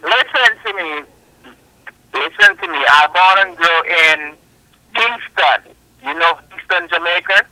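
A man on a recorded phone call who talks haltingly and keeps repeating himself to insist on his point. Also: high-pitched, animated, bright, forceful tone, dry recording. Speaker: phone scammer.

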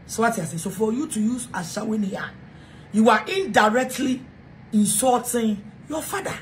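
A Ghanaian woman with a Ghanaian accent fires off a heated, repetitive rant, jumping between English and Twi. Her voice sits on the high side. A faint hiss of noise runs under the recording. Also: normal speed. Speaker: self-styled preacher. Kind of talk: angry rant to camera.

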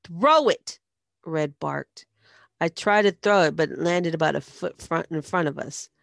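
Low, gravelly woman narrating. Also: a little fast, no room sound, clean studio sound. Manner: steady storytelling. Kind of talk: first-person audiobook narration.

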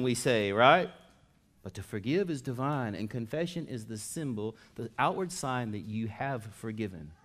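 A man preaching a sermon as pastor in a conversational style, dropping to soft asides and rising to loud emphatic stretches. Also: medium pitch.

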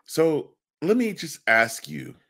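A man's voice: on the high side, takes it slowly, creaky, breathy edge. A man co-hosting a casual podcast, joking with his partner and reading from an article. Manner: animated, joking, reads article aloud. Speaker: podcast co-host.

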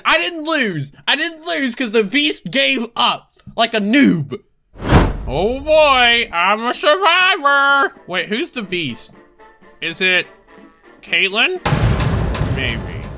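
A young adult commenting live on gameplay, panicky and yelping, with quick repeated phrases. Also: mid-range voice, big pitch swings. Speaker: gaming video creator. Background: game music.

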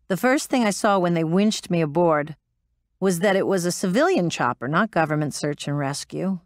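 A woman's voice: lowish voice, dry recording, studio quality, close to an everyday voice. An actress playing a blunt, profane former woman pilot recounting her story in an interview. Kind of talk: audiobook drama performance.

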